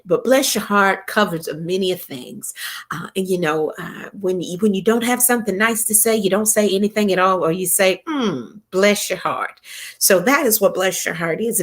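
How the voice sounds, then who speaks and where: A middle-aged woman hosting a casual live-stream chat, reading viewer comments and telling a funny story, laughing often. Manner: chatty, laughs often, playful exaggerated swoops in pitch. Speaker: host of a live chat show.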